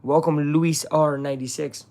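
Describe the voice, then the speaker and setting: A man hosting a live stream, giving chatty play-by-play commentary and reacting excitedly to the action while talking to his viewers. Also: fairly high pitch, normal speed. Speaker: streamer hosting a live game watch-along.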